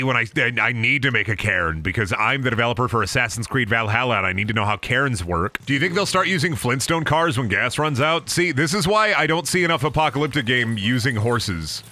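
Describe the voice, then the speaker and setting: A man's voice: mid-range voice, pushed and bright, no echo, clean studio sound. A young man casually commentating his video game stream, swearing and riffing mockingly on what he sees.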